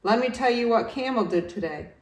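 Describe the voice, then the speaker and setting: Storybook yak taxi driver, nonstop chatterbox, high and loud, read by a woman, roomy and distant. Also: lively intonation, close to an everyday voice. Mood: chattering. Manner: rattles on fast, loud and high-pitched, barely pausing. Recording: roomy, distant home recording.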